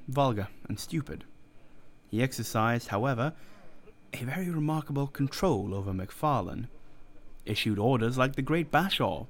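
A man narrates a classic story at a measured pace. His voice sits at a middling pitch. The delivery is formal and even. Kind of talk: audiobook narration.

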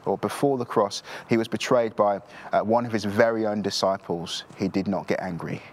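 A man's voice: fairly low pitch, slight background noise. A man preaching a sermon in an earnest, repetitive style, often restarting his words.

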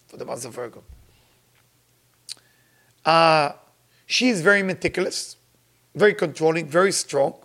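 An older man giving an emphatic sermon to his followers, repeating phrases and jumping to sudden high exclamations. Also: vocal fry, fairly bright tone. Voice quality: non-native grammar. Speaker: spiritual teacher.

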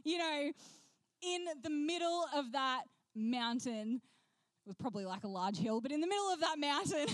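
A woman preaching a sermon, telling a personal story in an animated way and acting out the voices she quotes. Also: high voice, a little slow, no room sound.

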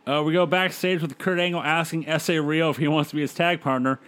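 Guy co-hosting a podcast, kinda high voice, running through the recap. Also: fairly even intonation, fast, a bit bright. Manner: reads play-by-play recaps, laughs with co-host. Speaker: podcast co-host recapping wrestling. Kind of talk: casual recap chat.

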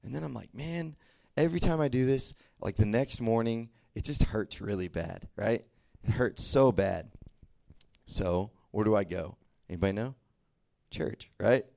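A man's voice: on the low side, animated, normal speed, vocal fry, mellow, dry recording. A young man from the American South preaching a casual sermon and checking in with listeners with frequent "right?" and "okay?". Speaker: youth preacher.

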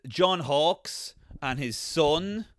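A man's voice: on the high side, animated, very slow, dry recording, clean studio sound. A man co-hosting a podcast, casually recapping a TV show in a rambling way and slipping into silly character voices. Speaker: podcast co-host.

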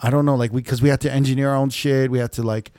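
A man's voice: mid-range voice, steady tone, rapid-fire, darkish tone, clean tone, no room sound. A man co-hosting a podcast, telling stories in a rambling, profane way full of fillers. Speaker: podcast co-host, DJ. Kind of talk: casual chat.

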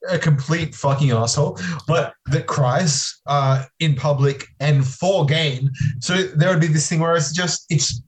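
A man's voice: a little high, low-quality recording. Hedging man thinking aloud. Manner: halting, hedging, with many restarts while theorizing. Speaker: podcast guest. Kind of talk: casual podcast chat.

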